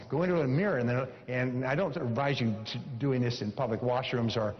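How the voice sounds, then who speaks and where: A man's voice: mid-range voice, animated, fast talker, few pauses. A man giving a motivational seminar talk, emphatic, repeating key phrases and coaching his audience. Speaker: seminar speaker. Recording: dull lo-fi sound with long hall reverb.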